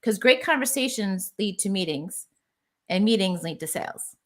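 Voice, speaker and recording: A woman guest on a business podcast, talking as a marketing strategist. Her voice is bright and forward, and she explains things with easy confidence in a casual chat. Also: medium pitch, animated, moderate pace.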